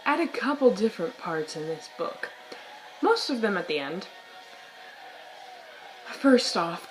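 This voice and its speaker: A young woman vlogging about books in casual chat, hoarse and losing her voice, rambling with dramatic outbursts and giggles. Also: medium pitch. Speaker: book vlogger. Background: soft music.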